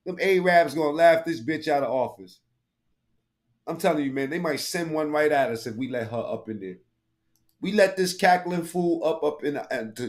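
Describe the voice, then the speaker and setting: A man commentating live on a stream, crude and mocking, rambling in heavy slang with frequent profanity. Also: a little high.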